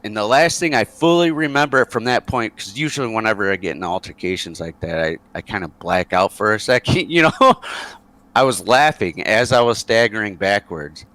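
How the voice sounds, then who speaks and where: A man's voice: lowish voice, normal speed, a bit bright, no room sound. A man, a former soldier, tells a rambling war story in a casual interview over a voice call, with many fillers and chuckles.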